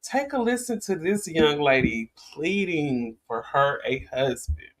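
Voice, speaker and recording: A woman's voice: sits low, lively intonation, unhurried. A woman hosting a casual commentary vlog, talking in a chatty, rambling way to her viewers. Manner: chatty, rambling, with frequent restarts and laughs. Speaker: vlogger host.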